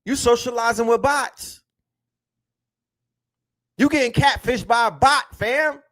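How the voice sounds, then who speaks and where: A man with a very high, slightly bright voice hosts an online talk, speaking slowly in an animated, lecture-like style. He is emphatic, uses slang, and repeats himself a lot.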